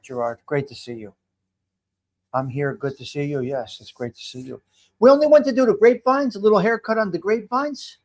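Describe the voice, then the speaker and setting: Man in his fifties, high voice, casual live-stream host, rambling chat, greets viewers by name. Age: 50s. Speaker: livestream host. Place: home.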